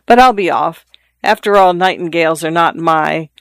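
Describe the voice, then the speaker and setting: Reader playing an old father, skeptical, grumbling, philosophizing, smooth voice, dry close sound. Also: mid-range voice, moderate pace, a bit bright, dry recording. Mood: teasing. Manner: teasing, philosophizing. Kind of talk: audiobook character voice.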